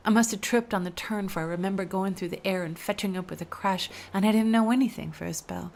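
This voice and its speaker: A woman's voice: mid-range voice, fast, vocal fry, a little mellow. A woman telling a first-person story aloud, emotional, dropping to whispers at tense moments.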